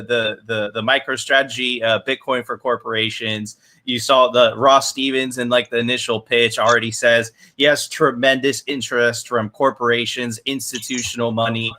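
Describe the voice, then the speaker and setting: A man's voice: medium pitch, sharp tone. A man speaking as a guest on a live panel, enthusiastic and rambling. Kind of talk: casual panel chat.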